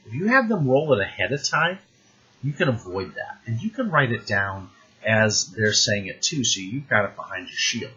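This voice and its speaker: Brief: male game master with a raspy, bright voice, chatty and animated, on a dull lo-fi recording. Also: fairly low pitch, normal speed. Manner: animated, conversational, many restarts. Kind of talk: advice talk to the camera.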